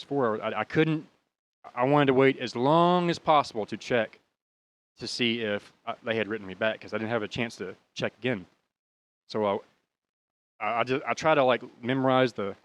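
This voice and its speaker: A man's voice: lowish voice, a bit bright. An American man in his thirties casually telling a rambling, profane story and laughing at his own bad luck. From United States. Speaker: podcast host.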